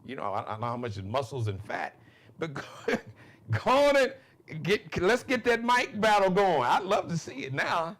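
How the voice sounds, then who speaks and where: Animated man hosting a live show. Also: fairly high pitch, moderate pace. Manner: animated, laughing, loose and conversational. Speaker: talk show host. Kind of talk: live monologue, casual commentary.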